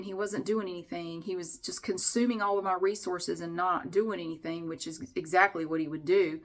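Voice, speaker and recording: A woman's voice: fairly low pitch, a bit bright. A middle-aged woman vlogging at home, chatting casually to the camera in a rambling, candid way and swearing a little. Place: at home, indoors.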